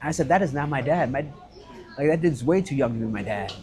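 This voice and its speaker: A man telling a story in casual chat, animated and swearing freely, acting out what others said. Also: medium pitch, a little fast. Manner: animated, swearing, acts out quotes. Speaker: guest, restaurant owner.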